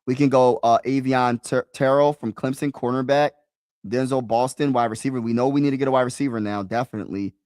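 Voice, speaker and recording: A man's voice: mid-range voice, fairly even intonation, a little fast, darkish tone, no echo, clean studio sound. Chatty man live-streaming to his chat. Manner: talks to chat, repeats himself, casual slang. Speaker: sports streamer.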